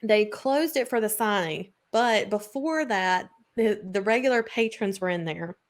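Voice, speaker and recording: A woman, telling a story in casual podcast chat, full of "like" and quick laughs. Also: medium pitch, expressive. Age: 20s. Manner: chatty storyteller, lots of "like" and laughs. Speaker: podcast co-host.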